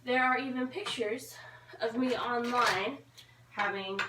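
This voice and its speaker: A woman's voice: on the high side, takes it slowly, heavy background noise. A young woman from the American South with no Southern accent, chatting in a bubbly, rambling, self-mocking way while baking. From Georgia, USA. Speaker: vlogger. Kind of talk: casual chat while baking.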